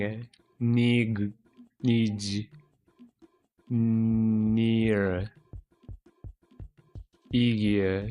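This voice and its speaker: A man's voice: lowish voice, drawn-out words, long pauses, smooth, faint music behind. A man streaming a video game, chatting in a casual, rambling way and ending many lines with "eh?". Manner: relaxed, rambling, tags lines with "eh?". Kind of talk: casual live-stream chat while gaming.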